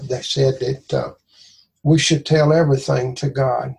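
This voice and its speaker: A man's voice: mid-range voice, steady tone, a little slow, vocal fry, a little hiss or hum. A man with a Southern US accent giving an informal devotional talk in a folksy, earnest, conversational way.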